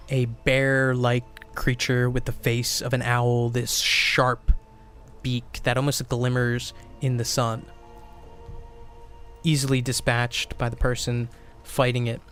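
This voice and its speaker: A man's voice: mid-range voice, slow, clear, resonant tone, soft background music. Man narrating as game master. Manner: relaxed descriptive narration with fillers.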